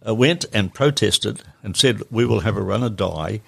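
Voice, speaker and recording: A man's voice: fairly low pitch, animated, moderate pace, vocal fry, fairly bright tone, slightly rough, dry recording. An older man reminiscing plainly as an interview guest, matter-of-fact. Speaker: podcast guest.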